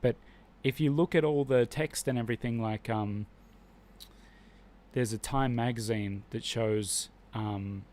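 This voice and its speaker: A man's voice: lowish voice, a little mellow, slight background noise. A man hosting a live stream, talking casually and with strong opinions, rambling and restarting his sentences often.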